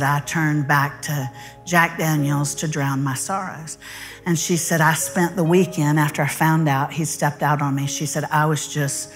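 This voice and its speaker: A middle-aged Bible teacher, telling a story from the stage. Her voice sits low, and she takes on the voices of the people she quotes without leaving her own. Soft music plays faintly underneath. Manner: animated storyteller, quoting others in her own voice. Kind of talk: storytelling sermon.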